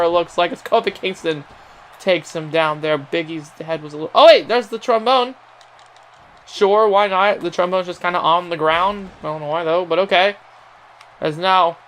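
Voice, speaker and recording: A man's voice: sits high, a bit bright, a little hiss or hum. A young man giving casual play-by-play commentary on a wrestling video game, putting on a mock announcer tone with laughing asides.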